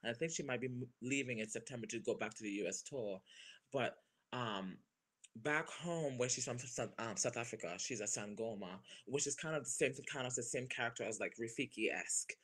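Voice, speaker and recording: A stage performer in his thirties gushes through a casual interview, animated and quick to laugh. His voice sits at a medium pitch.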